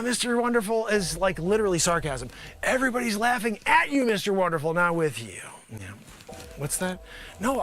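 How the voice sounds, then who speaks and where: A man hosting a live improv comedy show, pitching a made-up product in a wisecracking, animated way that swings between loud and soft.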